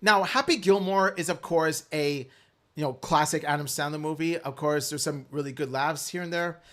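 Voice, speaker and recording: Man, podcast co-host, a bit high-pitched, measured, agreeable, casual. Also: a bit bright. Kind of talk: casual chat.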